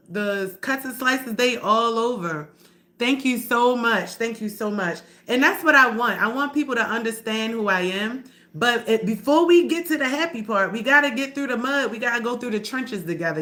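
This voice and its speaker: A woman's voice: medium pitch, pushed and bright. A woman on a live stream telling her own story to viewers, blunt and profane, calling them y'all and pushing back at doubters. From Baltimore area. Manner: heated and confrontational.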